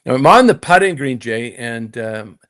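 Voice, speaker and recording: A middle-aged man, a former pro golfer, telling a tour story to his host, swinging between hushed and emphatic delivery. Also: mid-range voice, expressive, moderate pace. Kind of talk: casual storytelling in conversation.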